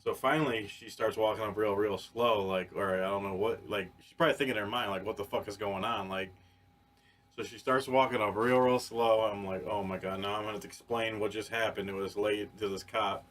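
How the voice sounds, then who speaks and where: A man on a podcast telling a story in casual chat, animated and profane, with many restarts. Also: fairly low pitch, brisk, slight background noise. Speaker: podcast co-host.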